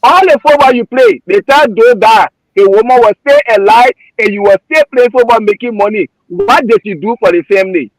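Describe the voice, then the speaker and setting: A Liberian-accented man talks politics with heat and feeling, his voice pitched high for a man. He circles back over his points again and again. The sound is close and dry, with no room around it. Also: expressive, a little fast, few pauses, no echo, low-quality recording. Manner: emotional, repetitive, heated. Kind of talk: passionate political commentary.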